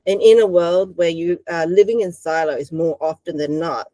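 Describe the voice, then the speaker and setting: A woman's voice: fairly low pitch, moderate pace, warm tone, no room sound, poor audio. A woman hosting a casual interview podcast, talking reflectively and searching for words. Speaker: podcast host.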